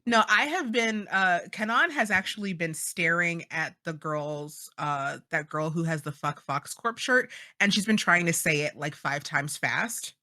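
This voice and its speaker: A woman chatting as a player in a tabletop game, animated and talkative. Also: on the low side, unhurried, few pauses. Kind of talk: casual tabletop chat.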